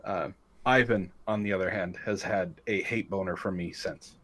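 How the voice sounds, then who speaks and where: Low-voiced man telling candid stories. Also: fairly even intonation, moderate pace, a bit bright. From California. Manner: candid, storytelling, swears freely. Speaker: voice actor guest. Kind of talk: casual podcast chat.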